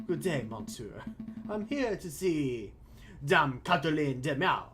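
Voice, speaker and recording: A streamer putting on a courteous gentleman lawyer from a story game, speaking low and measured with formal politeness. His phrasing still rises and falls with some life. Plucked guitar plays clearly underneath. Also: very animated.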